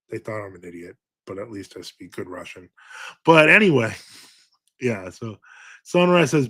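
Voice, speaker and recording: A man's voice: medium pitch, lively intonation, moderate pace, long pauses, a bit bright. A man, a priest hosting a livestream, chatting casually and reading viewer comments aloud, with many fillers and wry, self-mocking humor.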